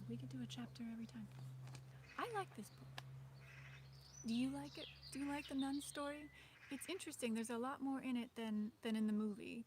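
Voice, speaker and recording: A woman's voice: on the high side, brisk, noisy background. Hesitant woman chatting on a livestream. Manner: hesitant, rambling, many fillers and little laughs. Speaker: livestream host. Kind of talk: casual livestream chat. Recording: birdsong in the background. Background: birdsong.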